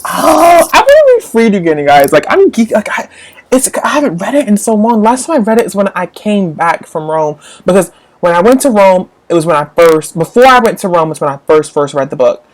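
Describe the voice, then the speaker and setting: A woman chatting casually as a book vlogger, rambling and gushing, jumping up into high excited squeals. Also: fairly quick. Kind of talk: casual live-chat book talk.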